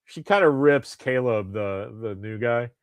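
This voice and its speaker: A man co-hosting a podcast in casual chat, chatty and animated. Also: mid-range voice, measured pace, clean tone, no echo. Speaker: podcast co-host.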